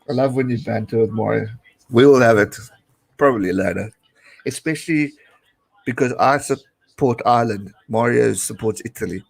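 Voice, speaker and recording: Excitable South African man cheering rugby. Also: medium pitch, normal speed, gravelly, rough recording. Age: late 20s. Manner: chatty, excitable, cheering at the screen. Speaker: live-stream host. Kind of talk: casual watch-along commentary.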